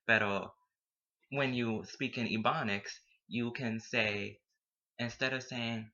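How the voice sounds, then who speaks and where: A man's voice: on the low side, steady tone, a little slow, bright, forceful tone. A young man, a student, talking casually to camera and playfully dropping Spanish words into his English. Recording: dull lo-fi recording.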